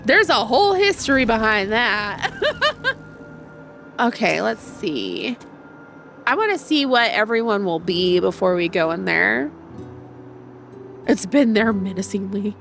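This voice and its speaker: A woman's voice: mid-range voice, animated, a little slow, gravelly, long pauses, fairly bright tone, soft background music. A young woman streaming a video game, congested and chatting in a rambling way with her viewers. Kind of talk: casual let's-play commentary.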